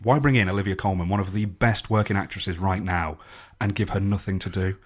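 Husky, low-voiced man ranting bluntly. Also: steady tone, a little fast. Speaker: podcast co-host. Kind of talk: casual film review chat.

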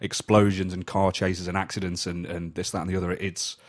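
A man's voice: low voice, flat delivery, brisk. A man hosting a casual film review chat, leading the talk and summing up the plot. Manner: leads the talk, summarizes plots. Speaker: podcast host.

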